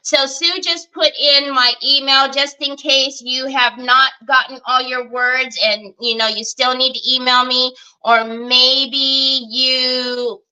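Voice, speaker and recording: Woman, high voice, bright tone, chatty craft livestream host. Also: smooth, poor audio. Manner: excitable, chatty, addresses viewers as y'all. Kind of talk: casual livestream chat.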